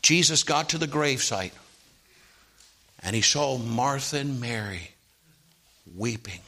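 A man preaching a sermon, often asking the congregation "Amen?" and swinging from hushed tones to loud rising calls. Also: mid-range voice, lively intonation, measured pace. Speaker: pastor.

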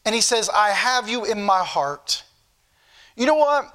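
A male preacher with a Southern US accent, reading scripture slowly and preaching with emphatic repetition to a church congregation. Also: sits high, animated, sharp tone. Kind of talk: sermon.

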